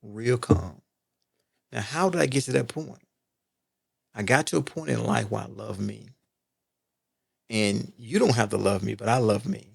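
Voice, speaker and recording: A man's voice: lowish voice, normal speed, creaky, long pauses, husky. A middle-aged man, a podcast guest telling personal stories earnestly, repeating points for emphasis and checking in with "right?". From Texas. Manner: earnest storyteller, emphatic repetition, asks "right?". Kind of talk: casual podcast conversation.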